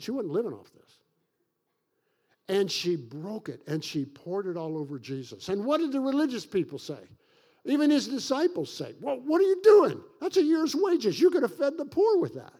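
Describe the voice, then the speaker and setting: A high-pitched male pastor from Kentucky delivering a sermon. He preaches emphatically, slowing right down on key phrases, and drops in folksy jokes at his own expense. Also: a little mellow. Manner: folksy, self-joking asides; emphatic preaching with dramatic slowdowns.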